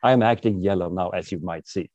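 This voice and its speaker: A man's voice: deep voice, fairly quick, a little mellow, no echo, dull audio. A man, an author and public speaker, talking as a guest in an interview and playfully acting out personality types as he explains them. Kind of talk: interview conversation.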